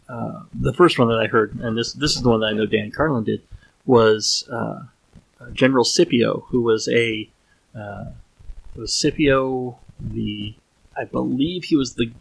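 Gravelly man musing aloud. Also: mid-range voice, fairly bright tone, low-quality recording. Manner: thinks aloud, restarts and trails off often. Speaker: solo podcast host. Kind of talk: casual rambling monologue.

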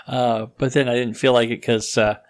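A man's voice: medium pitch, little pitch movement, moderate pace, low-quality recording. A man hosting a casual podcast, talking in a loose, rambling way with plenty of restarts and self-deprecating asides. His nose is stuffed up, giving his ordinary mid-range voice a slightly congested sound. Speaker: podcast host.

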